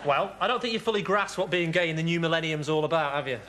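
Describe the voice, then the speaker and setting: A man performing a camp, theatrical comic pitch in a sketch comedy scene. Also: fairly even intonation, fast. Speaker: comic actor auditioning. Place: television studio with live audience. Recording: loud audience laughter and noise.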